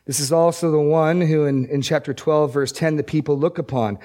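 A male preacher giving a sermon, reading scripture aloud with slow emphasis and explaining it in a conversational way, often repeating words as he restarts. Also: fairly high pitch, steady tone, a little mellow.

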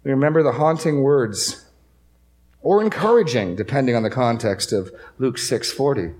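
A man's voice: medium pitch, animated, moderate pace, a little mellow. Emphatic male pastor repeating key lines. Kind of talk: sermon. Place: church room with a congregation.

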